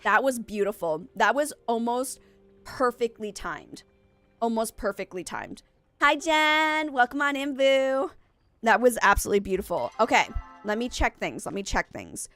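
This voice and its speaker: A woman's voice: on the high side, animated, normal speed, fairly bright tone, dry recording, soft background music. A young woman live-streaming a game, chatting with viewers in a rambling way and correcting herself often, with a stuffy nose. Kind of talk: casual live-stream chat.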